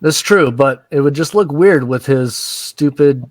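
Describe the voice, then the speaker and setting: High-voiced man crudely retelling a show. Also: a little slow, dry recording. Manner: crude, joking retelling with quoted lines. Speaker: recap host. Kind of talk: casual recap chat.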